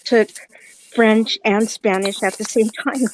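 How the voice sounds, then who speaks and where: A woman's voice: fairly high pitch, fairly even intonation, takes it slowly, slight background noise, low-quality recording. A woman in casual chat who makes brief, agreeable remarks.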